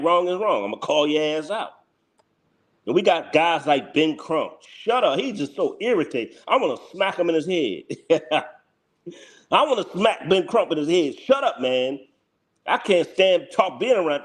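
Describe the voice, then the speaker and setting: Lively, heated male channel host. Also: fairly high pitch. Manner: blunt, heated, repetitive, breaks into laughs. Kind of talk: live reaction commentary.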